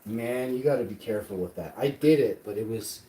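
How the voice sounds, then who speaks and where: A man's voice: mid-range voice, fairly quick, very noisy. Boastful, foul-mouthed cooking streamer, a man. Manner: boastful, profane and excitable. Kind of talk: casual live cooking stream.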